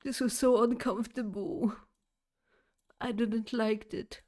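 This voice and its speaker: A woman streamer slowly rambles through a nightmare story for her chat, full of fillers, restarts and giggles. Her voice is on the high side with a darkish tone and fairly even intonation.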